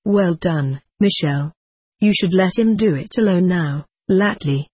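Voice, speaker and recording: A reader voicing a calm woman guide who patiently teaches a man to fly. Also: medium pitch, measured pace, slightly rough, no room sound. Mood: instructive.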